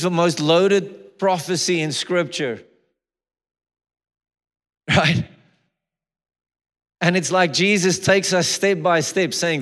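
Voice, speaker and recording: Fervent preacher in a reverberant hall. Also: male voice, on the high side, slow, pauses often, a bit bright. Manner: storytelling that builds to fervent preaching. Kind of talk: sermon.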